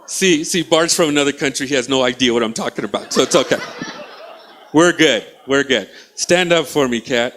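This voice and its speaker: A man's voice: medium pitch, a little fast, fairly bright tone, slight background noise. A male stand-up comedian teasing and riffing with the audience from a small theatre stage. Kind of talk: stand-up crowd work.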